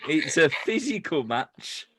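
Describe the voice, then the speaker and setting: A man's voice: fairly high pitch, very animated, takes it slowly, a bit bright, slight background noise. A man co-hosting a wrestling review podcast in casual, jokey chat, laughing often. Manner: jokey, laughing, stumbles over names. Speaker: podcast co-host.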